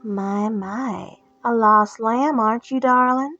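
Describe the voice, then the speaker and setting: A woman voicing a seductive, menacing Cajun demon hostess, soft and silky, sweet-talking yet threatening, in a Cajun accent. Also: fairly high pitch, slow, no room sound, full character voice. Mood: teasing. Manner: purring, teasing and threatening. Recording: slightly muffled with soft music.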